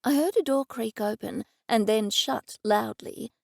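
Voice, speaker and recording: A woman narrating an audiobook in the first person, reading in a lively, expressive way on a close studio mic. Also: on the high side, unhurried, vocal fry, no echo. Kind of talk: scripted narration.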